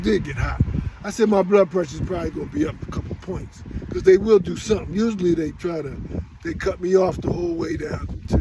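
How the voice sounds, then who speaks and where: A man's voice: on the high side, creaky, background noise. A middle-aged man telling a rambling story straight to his viewers, often repeating and restarting himself. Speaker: vlogger. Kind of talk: casual storytelling monologue.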